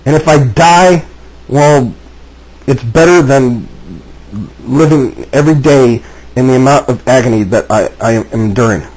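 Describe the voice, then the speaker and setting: This time the man speaks at medium pitch and a measured pace, pausing often, his tone a little mellow. He's still agitated, addressing the camera, repeating himself and restarting frequently, over a rough recording.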